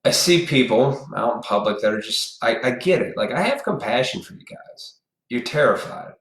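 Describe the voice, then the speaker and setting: A man's voice: medium pitch, lively intonation, moderate pace, fairly bright tone. A man hosting a casual live stream, ranting bluntly and with profanity straight at his viewers in a preachy tone. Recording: echoey room.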